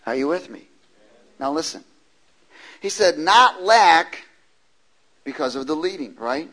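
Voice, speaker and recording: Slightly high-pitched with big swings in pitch, a man gives a sermon and reads from scripture, lingering slowly on words before sudden loud stresses and urging the congregation to answer back emphatically. The audio is poor.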